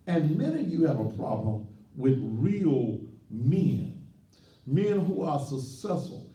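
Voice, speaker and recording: Male preacher host, brash and mocking, swooping lively delivery, echoey room, set back from the mic. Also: on the high side, far from the mic. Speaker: pastor hosting a call-in show. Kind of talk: call-in talk show rant.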